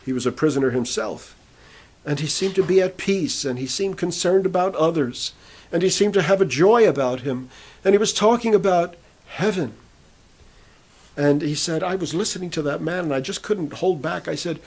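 A man's voice: a little high, normal speed, gravelly, darkish tone, slightly rough. A man preaching, retelling a prisoner's conversion story and quoting the people in it. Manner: retells a testimony, quoting speakers in turn. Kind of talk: sermon storytelling.

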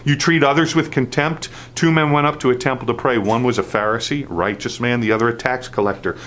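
A man's voice: mid-range voice, fast talker, a bit bright, a little hiss or hum. A man preaching a sermon, restarting phrases with fillers and rising into an emphatic, repetitive cadence. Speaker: pastor.

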